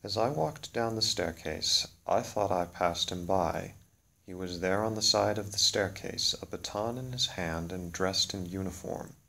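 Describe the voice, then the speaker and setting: A man narrating a scripted literary story in a measured, solemn way. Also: low-pitched, gravelly, pushed and bright.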